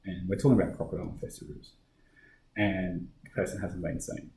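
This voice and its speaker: Be an Australian policeman recounting a hard shift, lower voice, roomy echo. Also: fairly even intonation, a little fast, a little mellow. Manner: conversational storytelling, frequent fillers and restarts. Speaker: guest, police officer. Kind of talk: casual podcast interview.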